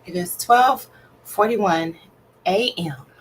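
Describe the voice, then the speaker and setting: A tired woman from Alabama, chatting casually and slowly on a late-night livestream while she yawns. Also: medium pitch, slight background noise, rough recording. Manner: slow, easygoing, calls listeners "child". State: tired and yawning. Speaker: writer and livestream host. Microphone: off camera, voice only.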